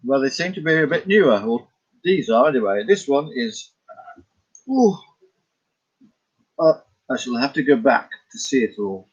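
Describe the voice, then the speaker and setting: A man's voice: medium pitch, big pitch swings, unhurried, pauses often, slightly rough, highs cut off. A man, a painter, talking about his work in a casual, rambling vlog, musing and correcting himself as he goes. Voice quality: musing, wandering, self-correcting. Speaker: vlogger and painter.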